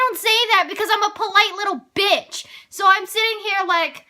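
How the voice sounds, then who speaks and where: A woman's voice: extremely high pitch, steady tone, normal speed, sharp tone. A teenage girl telling a story in a casual, exasperated and profane rant about getting in trouble at school.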